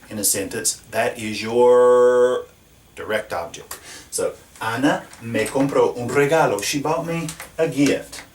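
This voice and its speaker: A man teaching a grammar lesson at a whiteboard, explaining patiently and asking his students questions. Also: mid-range voice. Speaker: Spanish teacher. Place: classroom. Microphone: camera across the room. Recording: echoey room from a distance.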